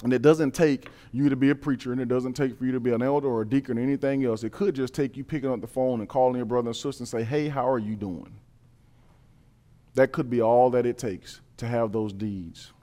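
A man preaching a sermon, reading scripture and building to emphatic, repeated points. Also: fairly quick. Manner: builds from calm reading to loud, high-pitched emphatic preaching.

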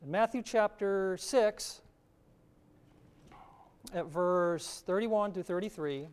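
Male preacher, middle-aged, unhurried delivery, slightly raised pitch, earnest teaching tone. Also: darkish tone, clean tone. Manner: slow, earnest teaching with scripture readings. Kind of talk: sermon.

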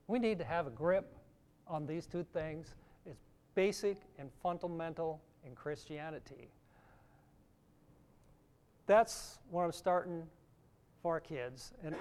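A man's voice: a little high, unhurried, darkish tone, smooth. A middle-aged man giving a sermon, teaching earnestly and reading scripture aloud. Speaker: preacher.

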